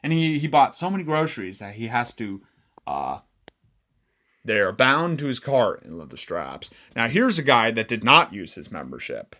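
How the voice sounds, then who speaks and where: A man casually reading his own dark comic aloud, irreverent and swearing, chuckling between lines. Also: mid-range voice, big pitch swings, moderate pace.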